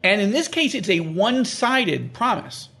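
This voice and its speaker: Man, animated and emphatic, high lively voice with gravelly fry, explaining scripture in conversation. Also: moderate pace. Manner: animated, acts out quoted prayers and God's words; emphatic, repeats phrases for stress. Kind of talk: conversational interview.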